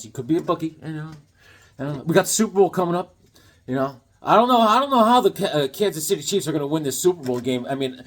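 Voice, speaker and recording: A man in his forties showing off a comic book haul, talking in an excitable, joking way, recorded at home on a camera mic. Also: on the high side, slight background noise. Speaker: comic collector vlogger. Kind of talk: casual comic haul vlog with jokes.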